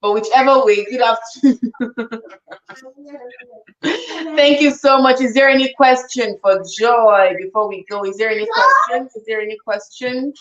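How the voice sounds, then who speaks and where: A woman's voice: a little high, unhurried, long pauses, muffled recording. A woman hosting a live online show, effusively thanking and blessing her guest and reading out audience questions. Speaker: host.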